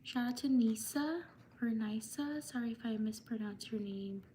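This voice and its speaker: A woman hosting a livestream, reading viewers' names for shout-outs in a slow, repetitive way. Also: mid-range voice, fairly even intonation, a little hiss or hum. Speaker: livestream host.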